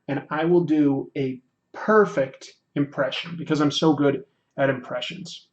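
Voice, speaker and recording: A man's voice: a little high, steady tone, a little slow. An American man chatting on a livestream while he draws, joking and mocking himself, rambling with restarts. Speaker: streamer drawing while chatting. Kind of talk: casual livestream chat. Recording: dull lo-fi stream audio.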